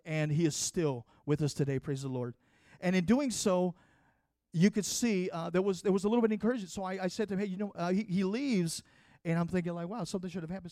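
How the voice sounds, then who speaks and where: A man's voice: a little high, darkish tone, no room sound, studio quality. A man preaching a sermon, telling a personal testimony in an earnest, conversational way. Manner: earnest, conversational, with frequent restarts.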